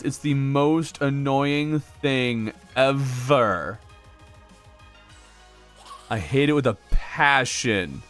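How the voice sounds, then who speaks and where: A man's voice: on the low side, a bit bright, smooth. A man casually chatting with his viewers while playing a video game, reacting to what happens and laughing often. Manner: chatty, reacts to game events and answers chat aloud; laughs often between remarks. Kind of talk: casual livestream chat with viewers.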